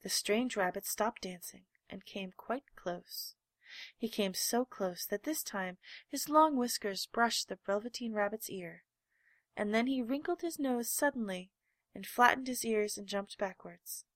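A woman reading a children's storybook aloud, with gentle, measured storytelling. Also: mid-range voice, no room sound. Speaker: narrator.

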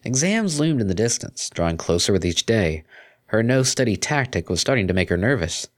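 A man narrating a fan fiction story aloud in an expressive storytelling manner. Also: lowish voice, brisk. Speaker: story reader.

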